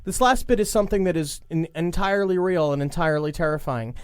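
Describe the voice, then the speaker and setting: A man's voice: on the high side, quick pace, smooth, no room sound, clean studio sound. A man co-hosting a comedic podcast, telling a story dramatically and joking around with his co-hosts. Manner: dramatic storytelling reading, then joking banter. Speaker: podcast co-host. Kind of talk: casual comedic chat.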